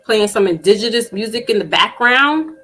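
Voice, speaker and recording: A woman hosting a casual live-stream panel, chatting loosely with plenty of fillers and restarts and getting animated when she tells a story. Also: on the high side, normal speed, soft background music, rough recording. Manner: animated when telling stories.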